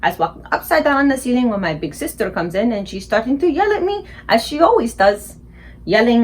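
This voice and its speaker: A woman librarian reading a children's book aloud in an expressive way. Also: fairly high pitch, brisk, husky.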